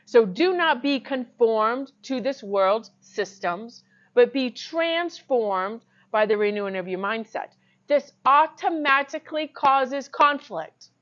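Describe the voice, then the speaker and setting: A woman's voice: a little high, fairly bright tone, highs cut off. A woman giving an informal, earnest sermon to camera, emphatic and laughing often. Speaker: Christian teacher.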